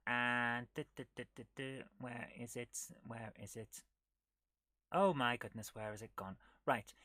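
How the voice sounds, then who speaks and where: A woman's voice: extremely low pitch, fairly bright tone, no echo. A woman hosting a casual retro gaming live stream, chatting and muttering to herself as she clicks through menus. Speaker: retro gaming show host.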